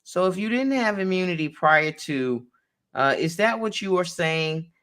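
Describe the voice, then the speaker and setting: A woman attorney reading a court transcript aloud, calling out each speaker's name before their line and pausing to explain it. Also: lowish voice, animated, fairly bright tone.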